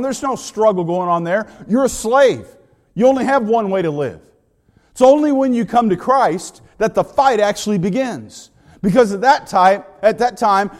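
A man's voice: high voice, darkish tone, long reverb tail. A man preaching a sermon as pastor, emphatic and building his points through repeated phrases.

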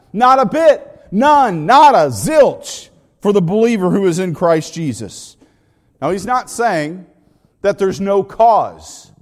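A man's voice: sits high, darkish tone, big-room sound. A man preaching a sermon as pastor, emphatic and building his points through repeated phrases.

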